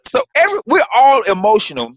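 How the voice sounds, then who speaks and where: A man who works as a stand-up comedian, telling a story in casual chat with lively acted-out quotes and frequent swearing, on a home video call. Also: extremely high pitch, fast, rough recording. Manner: animated storyteller, swears freely, acts out quotes.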